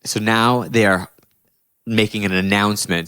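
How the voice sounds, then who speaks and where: A man with a low voice, from New Jersey, talks through a long story on a podcast. He rambles and corrects himself mid-sentence. The sound is dry and close to the mic. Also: animated, normal speed, a bit bright, dry recording. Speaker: podcast host. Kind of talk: casual storytelling chat.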